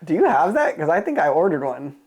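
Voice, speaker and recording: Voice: medium pitch, sing-song, brisk, a little mellow, husky. A podcast host chatting casually, asking questions and answering with short affirmations. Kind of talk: casual interview chat.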